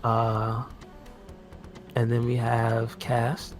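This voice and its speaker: A man's voice: medium pitch, monotone, extremely slow, soft background music. A man co-hosting a podcast, chatting casually about a movie and reading out its cast with lots of fillers. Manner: rambling, reads out cast lists with fillers. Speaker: podcast co-host. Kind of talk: casual movie review chat.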